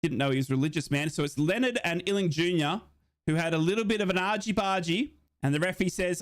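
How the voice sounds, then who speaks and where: A man giving excitable live football commentary during a watch-along, his voice jumping high in big moments as he reads out and answers viewer comments. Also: quick pace. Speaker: football fan commentator and streamer.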